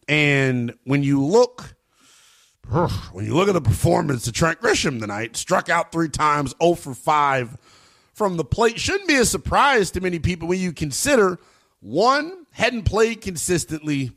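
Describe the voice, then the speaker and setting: A man giving emphatic, opinionated sports commentary in a slangy, animated way. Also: a little high, gravelly.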